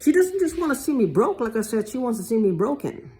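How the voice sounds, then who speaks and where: A woman's voice: on the high side, very animated, fast talker, mellow. A woman talking in a loose, rambling monologue, often repeating herself and restarting. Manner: repetitive, rambling, restarts a lot. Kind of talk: casual monologue to camera.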